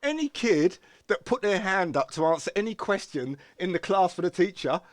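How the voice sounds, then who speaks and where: Animated man spinning yarns. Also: high voice, normal speed, no room sound, clean studio sound. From South London, England. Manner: animated storytelling, interrupts with "hold on" and "mush". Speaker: podcast co-host. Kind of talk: casual chat.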